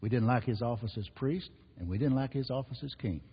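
A husky, breathy male preacher delivers an emphatic sermon that surges and drops. His voice rings out in a long hall reverb, and the recording is muffled. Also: on the low side, fast talker, few pauses. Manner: emphatic preaching, rising and falling with repetition. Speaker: pastor.

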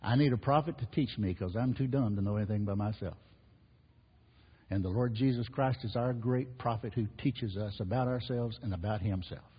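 Pastor preaching hard, raspy voice, echoing church. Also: male voice, lowish voice, normal speed. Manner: emphatic preaching, rising and falling with repetition. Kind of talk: sermon. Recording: muffled, reverberant hall recording.

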